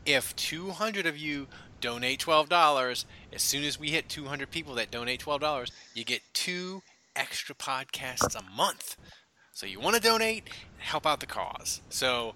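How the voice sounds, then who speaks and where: A man's voice: fairly high pitch, lively intonation, moderate pace, sharp tone, low-quality recording. A man hosting a casual sports podcast, chatting loosely and laughing with his co-hosts. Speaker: podcast host.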